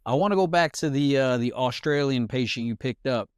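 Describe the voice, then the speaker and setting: Male podcast host, casual and slangy, smooth voice, dry mic. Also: mid-range voice, brisk, no echo. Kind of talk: casual interview chat.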